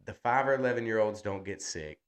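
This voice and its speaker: A man's voice: fairly low pitch, fairly quick. A man, co-hosting a casual podcast in a laid-back, jokey manner. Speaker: podcast co-host.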